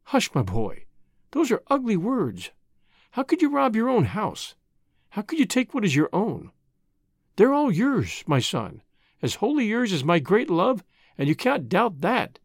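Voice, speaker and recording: A man voicing a devoted mother who speaks softly and gently, pleading and tender. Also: high voice, wildly swooping pitch, moderate pace, no echo, clean studio sound, full character voice.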